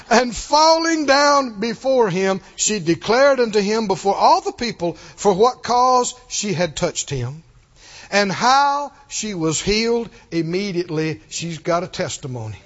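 A man preaching a sermon, telling the story with animated delivery, acting out quoted lines and chuckling often. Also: high voice, takes it slowly, lo-fi sound.

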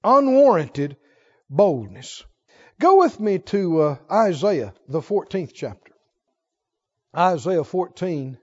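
A man with a high voice preaches a sermon, moving between quiet storytelling and loud emphasis. The recording sounds dull and lo-fi. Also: big pitch swings, takes it slowly, long pauses, long reverb tail. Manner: storytelling, swings between soft low asides and loud emphatic lines.

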